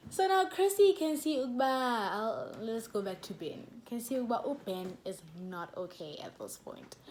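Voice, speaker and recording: A young woman with a South African accent tells a story to her camera in a casual, chatty way. Her voice sits at an ordinary middle pitch. A faint hiss of noise runs under it. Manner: chatty and animated, with laughs and code-switching. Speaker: YouTuber.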